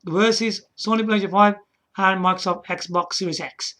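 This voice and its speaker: This man hosts a gaming video with casual, rambling commentary, checking in with the viewer often and chuckling at himself. His voice is high and sharp-toned with fairly even intonation at a moderate pace, and he keeps restarting his sentences between chuckles.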